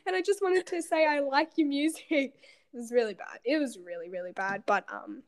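A woman's voice: high voice, brisk. A young woman, co-hosting a podcast and telling a story in casual chat, giggly and self-mocking. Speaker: podcast co-host. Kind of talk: casual chat between friends.

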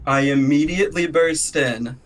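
Brief: male player, eager and playful, mid-high voice. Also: normal speed. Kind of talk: casual tabletop game chat.

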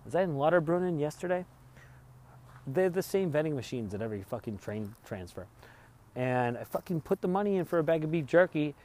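A man vlogging as he travels, telling a rambling, profane story in casual chat. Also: on the high side. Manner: rambling, profane, laughs while retelling.

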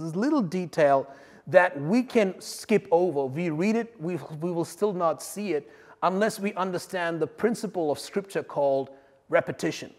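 A man preaching a sermon, swinging between loud emphatic lines and quiet asides. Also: on the high side, long reverb tail. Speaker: pastor.

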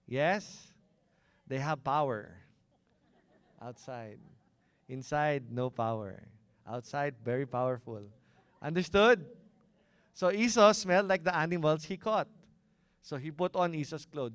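A man's voice: on the high side, clear, resonant tone, no echo. A man preaching a sermon and often asking the congregation questions. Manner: engaging, asks the congregation questions. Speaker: pastor.

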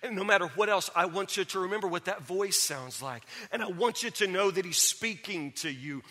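A man's voice: high-pitched, brisk, sharp tone, big-room sound, voice pushed up. A man voicing a patient, earnest father counseling his son and repeating words for emphasis.

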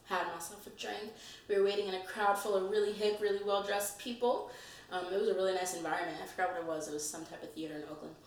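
A woman chatting casually, telling a story in an animated way and laughing often. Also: medium pitch, fast. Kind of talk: casual chat. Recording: echoey room, far mic, faint noise.

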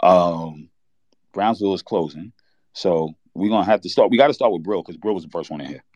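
Low-voiced man sharing a painful story. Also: darkish tone, no room sound, dull audio. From New York. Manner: candid, halting, reliving a loss. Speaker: podcast host. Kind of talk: emotional personal story on a sports talk show.

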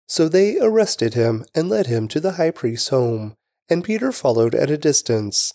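A man giving a steady, reverent scripture reading. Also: fairly high pitch, normal speed, no room sound, studio quality. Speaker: scripture reader.

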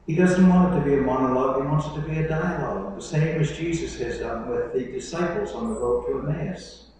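A man's voice: mid-range voice, a little fast, darkish tone, a little hiss or hum. Male pastor, sermon delivery, mid-range voice, distant mic in a reverberant hall. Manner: preaching with dramatic quoted voices, conversational asides.

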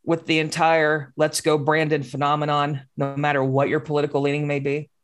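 A woman's voice: low voice, little pitch movement, brisk. A woman in her forties telling a story in casual podcast chat, heated and swearing freely.

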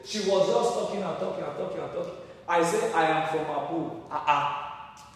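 A Nigerian man preaches a sermon with a high voice, calling out questions and pushing to loud emphatic peaks. He sounds far from the mic in a large hall with heavy echo and a long reverb tail. The recording is roomy and distant. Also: moderate pace, creaky. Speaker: pastor.

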